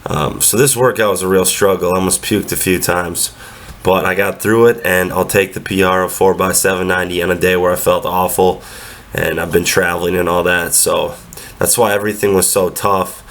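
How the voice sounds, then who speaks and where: A young man narrates over his own training clips in an easygoing, matter-of-fact way. His voice is deep and sits fairly level, with little rise and fall. A cold has left him sounding stuffed up through the nose. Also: flat delivery, moderate pace, vocal fry, a bit bright. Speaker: powerlifter vlogger.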